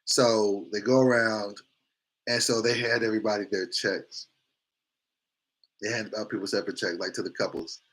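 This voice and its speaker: Male morning-show host, crisp bright tone, animated casual storyteller who acts out quotes. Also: lowish voice, moderate pace, long pauses.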